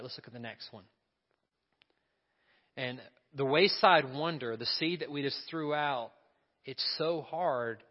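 A man's voice: mid-range voice, dull audio. Man preaching in a reverberant hall. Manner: conversational preaching with questions and asides to the congregation. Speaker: pastor. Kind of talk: sermon.

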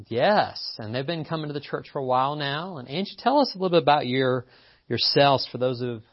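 A man's voice: mid-range voice, expressive, fairly quick. A man from Appalachia preaching a conversational sermon, telling stories and joking with his guests. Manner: folksy, storytelling, jokes with guests. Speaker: pastor. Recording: slightly muffled recording.

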